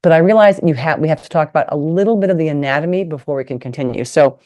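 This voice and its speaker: A middle-aged American woman, a retired nurse and sex ed teacher, gives a frank, playful talk with props over a video call, seated indoors at a table. Her voice is deep and darkish, she speaks quickly, and the recording is muffled.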